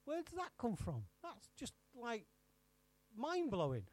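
Man preaching, lively, dry close mic, asks the congregation questions. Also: very high voice, measured pace, no echo. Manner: teasing the congregation by name, asking questions. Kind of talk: interactive sermon.

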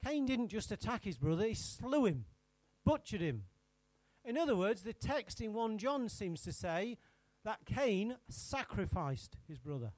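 Preacher man, high voice, animated, dry close sound, quizzes the congregation. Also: a little slow, dry recording. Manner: teasing the congregation by name, asking questions. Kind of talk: interactive sermon.

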